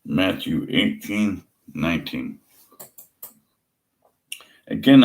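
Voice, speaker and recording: A man's voice: very deep voice, a bit bright. A man ranting scornfully in a monologue, mocking and repeating himself. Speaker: atheist vlogger.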